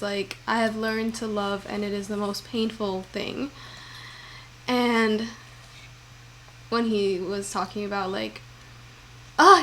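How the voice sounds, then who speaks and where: A woman's voice: a little high, fairly bright tone, a little hiss or hum. A young woman vlogging at home in her kitchen, rambling and heartfelt, with lots of fillers. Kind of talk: casual chat.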